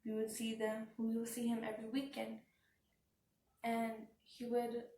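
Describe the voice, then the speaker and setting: A woman telling a personal story as a vlogger, speaking in a halting, subdued way with frequent restarts. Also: fairly high pitch, monotone, warm tone, a little hiss or hum. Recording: roomy, from some distance off the mic.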